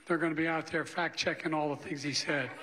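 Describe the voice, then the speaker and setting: A man's voice: fairly high pitch, fairly even intonation, a little fast, big-room sound, very noisy. An older man speaking bluntly and dismissively in a debate clip.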